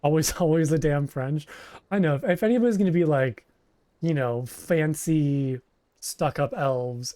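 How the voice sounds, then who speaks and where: A man's voice: fairly high pitch, unhurried, warm tone. Chatty, rambling man streaming a game. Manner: chatty, rambling, many "like" fillers and restarts. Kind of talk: casual gameplay commentary, reading dialogue aloud.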